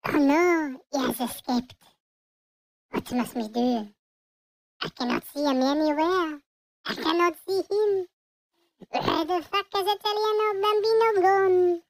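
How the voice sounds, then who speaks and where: A melodramatic little French baby, as a player acts him out speaks slowly in a high, gravelly voice with a mock accent. Game music sits faintly under him. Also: low-quality recording. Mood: dramatic. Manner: theatrical mock French accent, sprinkles French words. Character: dramatic small French baby chasing a runaway.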